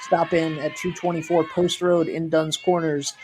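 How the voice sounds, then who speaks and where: A man calling a live high school softball game, chatty and jokey, weaving in sponsor reads and getting loud on big plays. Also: flat delivery, normal speed, a little hiss or hum. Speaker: play-by-play announcer.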